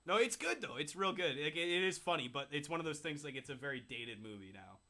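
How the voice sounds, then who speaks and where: A man co-hosting a podcast in casual chat, excitable and swearing often, with lots of "like" and "you know what I mean.". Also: a little high, quick pace, noisy background. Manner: excitable, swearing, filler-heavy. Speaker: podcast co-host.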